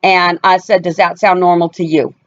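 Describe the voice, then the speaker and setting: Here a woman who vlogs about family life tells viewers a personal story, her fairly low voice delivered flatly at normal speed. She stays casual yet emphatic, pressing her points and imitating others' voices in quotes. The recording comes across somewhat dull and lo-fi.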